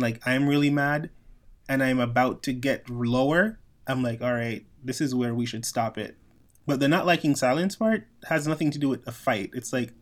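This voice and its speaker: Soft-spoken man telling stories on a podcast. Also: mid-range voice. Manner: soft-spoken, storytelling with acted-out quotes. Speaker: podcast co-host. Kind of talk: casual podcast chat.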